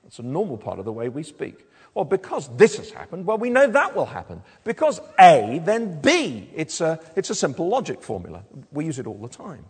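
Slightly high voiced guy preaching, kinda breathy, stumbles and restarts a lot. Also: wildly swooping pitch, a little fast. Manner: conversational, asks the congregation tag questions; restarts and stammers on words. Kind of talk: sermon. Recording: long hall reverb.

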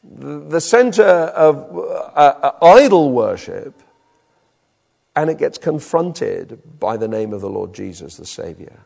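A British man preaching a sermon with an animated, emphatic delivery in a church hall. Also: a little high, takes it slowly, vocal fry. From Britain. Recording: long reverb in a hall.

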